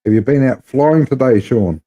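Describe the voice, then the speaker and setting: Kiwi male streamer, casual banter, warm dark tone. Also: mid-range voice, moderate pace, long reverb tail. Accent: New Zealand. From New Zealand. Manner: playful, joking. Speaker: livestream host. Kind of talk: casual live chat.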